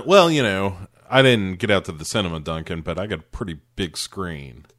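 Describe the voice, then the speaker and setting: A man's voice: deep voice, normal speed, fairly bright tone. An American man co-hosting a podcast, chatting casually about movies in a rambling, wry way. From United States. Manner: rambling, wry, breaks into laughs. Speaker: podcast co-host.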